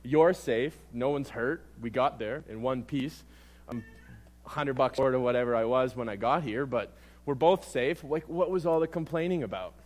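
A young man preaching a sermon, telling a comic personal story in an animated, self-mocking way. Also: medium pitch, normal speed.

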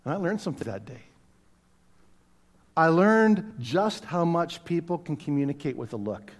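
A man's voice: fairly high pitch, expressive, normal speed. A middle-aged man from Canada preaching a sermon to his church, telling stories in a conversational way with self-deprecating humor. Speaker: pastor. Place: church sanctuary. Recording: long reverb of a church hall.

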